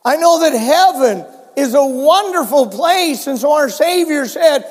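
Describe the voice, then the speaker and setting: An older man preaching a sermon as pastor, telling stories and swinging between soft and loud delivery. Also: very high-pitched, animated, a little slow, few pauses, big-room sound. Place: church sanctuary.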